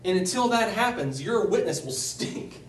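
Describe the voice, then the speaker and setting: A man leading a Bible study speaks in a slightly higher voice, enthusiastic and unpolished. His delivery is chatty and full of asides. His voice rises whenever he gets excited about the point. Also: moderate pace, slight background noise. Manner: loose and conversational, with restarts and asides. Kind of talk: teaching a group Bible study.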